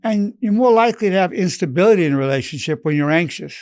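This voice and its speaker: An elderly man in his eighties teaches with earnest, measured calm. His voice sits somewhat high for a man. The sound is close and dry, with no room echo. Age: 80s. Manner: earnest, measured, acts out loving phrases softly. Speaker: psychologist giving a lesson. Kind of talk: unscripted advice talk.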